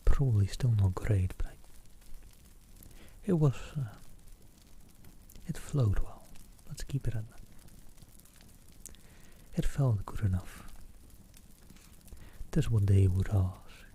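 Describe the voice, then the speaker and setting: Male ASMR reader, whispered reading from close up, very dark mellow tone, faint hiss behind. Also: fairly low pitch, expressive, slow, pauses often. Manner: soft unvoiced whisper, reading a travel book aloud; self-deprecating asides between passages. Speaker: ASMR streamer.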